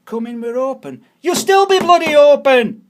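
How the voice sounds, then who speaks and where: High-pitched Scottish man, angry rant, swears a lot, repeats himself. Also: animated, moderate pace, slight background noise. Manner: ranting, swearing, repeating phrases. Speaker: vlogger.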